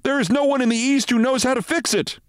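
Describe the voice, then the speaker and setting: A man reading as a panicked young male intern shouting in alarm. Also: very high voice, fast, smooth, no room sound, studio quality, pitched above the performer's own voice.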